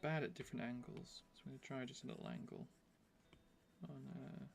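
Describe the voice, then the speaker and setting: A soft-spoken man chatting casually while he draws on a live stream, thinking aloud and often restarting his sentences. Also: mid-range voice, lively intonation, fairly quick, gravelly, a little hiss or hum. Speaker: artist streaming his drawing. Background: faint background music.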